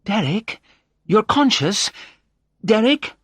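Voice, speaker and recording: A man reading a story aloud and voicing a young woman, an excited and relieved friend who talks in high, eager exclamations. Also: unhurried, slightly rough, no room sound, clean studio sound, exaggerated voice.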